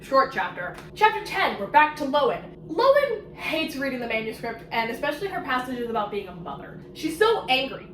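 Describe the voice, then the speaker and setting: A woman giving a casual, sarcastic, animated summary of a book she is reviewing. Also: high voice, normal speed, few pauses, roomy sound, far from the mic, slight background noise, poor audio. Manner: sarcastic, animated, exclamatory asides.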